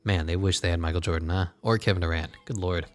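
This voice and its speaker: A man's voice: sits low, steady tone, quick pace, soft background music. A man commentating his basketball video game in a casual, sarcastic way, swearing and muttering asides. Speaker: gaming channel host.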